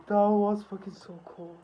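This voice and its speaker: A woman with hosting a music video reaction, gasping, laughing and swearing excitedly. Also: fairly low pitch, highs cut off, background noise.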